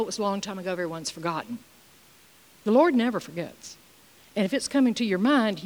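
A woman's voice: medium pitch, in a large hall. A middle-aged woman teaching from the Bible, reading scripture and sharing personal stories in an earnest, conversational way.

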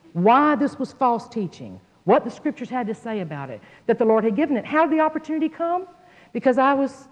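A woman giving a Bible teaching, telling a personal story in an animated way and acting out the voices of the people in it. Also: fairly high pitch. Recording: dull sound in a hall with long echo.

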